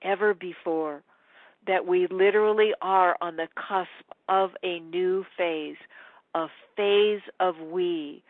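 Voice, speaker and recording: A woman teaching in a webinar, an animated storyteller who acts out the quotes. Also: fairly low pitch, slow pace, dry recording, narrow, tinny audio. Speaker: spiritual teacher.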